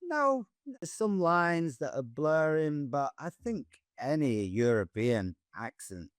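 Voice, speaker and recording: A man's voice: fairly high pitch, sing-song, takes it slowly, no room sound, studio quality. A man with a Northern English accent, hosting a casual podcast and telling rambling anecdotes. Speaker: podcast host and comedian.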